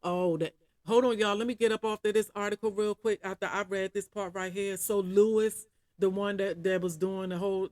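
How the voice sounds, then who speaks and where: Animated woman reading out an article. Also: lowish voice, no room sound, studio quality. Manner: reads out an article, breaks off often to talk to viewers with excited asides; keeps calling the audience y'all. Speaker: video commentator reading a news article aloud. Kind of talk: casual reaction commentary.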